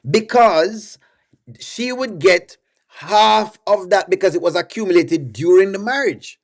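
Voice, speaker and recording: A man's voice: high voice, animated, a little slow. A man with a Jamaican accent hosting a casual livestream, coaxing viewers and repeating himself as he reads their comments aloud.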